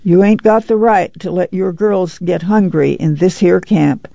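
A stern, proud woman who runs the migrant camp scolds in a commanding drawl, as an audiobook reader puts her on. Her voice sounds gravelly and dark in a dry, dull lo-fi recording. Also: medium pitch, fairly even intonation, unhurried, dry recording.

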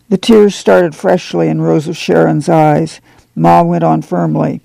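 A man narrates a novel aloud in a measured, steady way. His voice is slightly high, very gravelly and mellow. The sound is dry and close. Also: dry recording. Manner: measured storytelling with slips he corrects. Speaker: audiobook narrator. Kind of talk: scripted narration.

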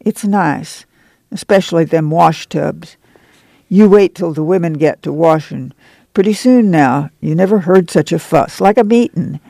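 A man's voice: a little high, measured pace, creaky, dark tone, dry recording. A man reading the part of a weary, guarded migrant farm mother in a folksy rural drawl. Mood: warming, humble.

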